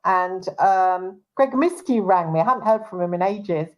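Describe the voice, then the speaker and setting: A woman's voice: mid-range voice, unhurried, rough recording. A woman hosting a casual talk show, speaking in an indignant, agitated way with frequent restarts and trailing fillers. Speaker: show host and private investigator.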